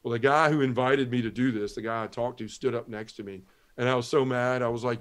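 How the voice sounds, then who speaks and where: A middle-aged man telling his conversion story as a podcast guest, earnest and often dropping to a hushed voice. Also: mid-range voice, fairly even intonation, fast talker. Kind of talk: testimony storytelling.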